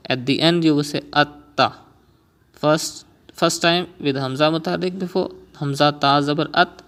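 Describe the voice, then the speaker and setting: A man teaching a beginner Quran reading lesson, explaining rules step by step and patiently repeating each sound slowly for learners. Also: medium pitch.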